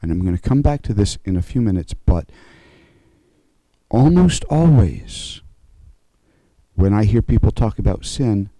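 Mellow low-voiced male pastor preaching. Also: expressive, no room sound, poor audio. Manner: conversational preaching, frequent "okay?" check-ins; slows and rises to stress key points. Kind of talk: sermon.

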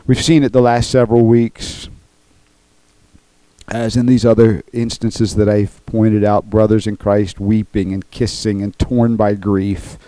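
A man's voice: fairly low pitch, level tone, measured pace, dark tone, no echo, low-quality recording. A man preaching a sermon in an earnest, emphatic way, often checking in with his listeners. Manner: earnest, emphatic, repeats "okay?" to the congregation. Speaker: pastor.

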